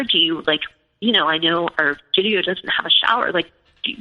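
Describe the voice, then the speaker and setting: A woman's voice: lowish voice, moderate pace. A woman in her forties, a podcast guest, telling her own story in a casual, rambling way full of fillers. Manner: rambling, heavy use of filler "like". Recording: echoey, muffled phone-like call audio.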